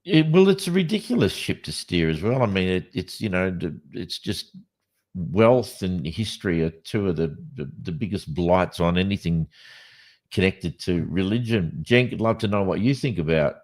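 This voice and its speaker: A man's voice: low voice, moderate pace. An Australian man co-hosting a podcast, chatting casually and telling rambling stories full of restarts. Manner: rambling, animated storyteller with many restarts. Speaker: podcast co-host. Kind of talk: casual chat. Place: Western Australia.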